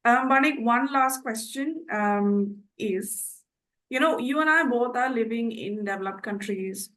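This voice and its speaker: A woman's voice: a little high, measured pace, a bit bright, poor audio. A woman, a podcast host having a reflective, conversational discussion and asking probing questions. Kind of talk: casual conversation.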